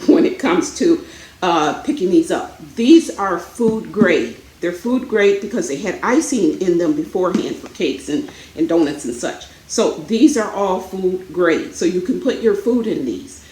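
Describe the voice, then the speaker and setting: A woman's voice: lowish voice, darkish tone, reverberant, poor audio. A woman vlogging from home in a chatty, rambling way, out of breath. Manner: chatty, rambling, many fillers. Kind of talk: casual chat. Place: home, indoors.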